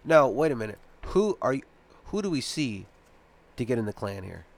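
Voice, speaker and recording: A man's voice: medium pitch, very animated, moderate pace, creaky. Crude, teasing male podcast host. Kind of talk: casual banter on a podcast.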